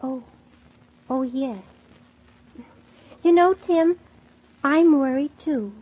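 A woman voicing a kindly, gentle hostess who talks softly and laughs often, on a dull lo-fi recording. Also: high voice, extremely slow. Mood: worried.

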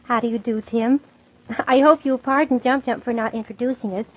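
A woman voicing a kindly, gentle hostess who talks softly and laughs often, on a dull lo-fi recording. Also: fairly high pitch, fairly even intonation, moderate pace, husky.

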